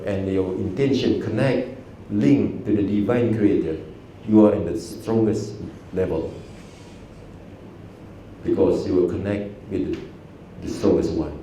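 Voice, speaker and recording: A lowish-voiced man, an aikido teacher, gives a storytelling talk to an audience in a cafe, using simple broken English with a lively manner and frequent chuckles. The room is very echoey, the mic is distant, and there's faint noise.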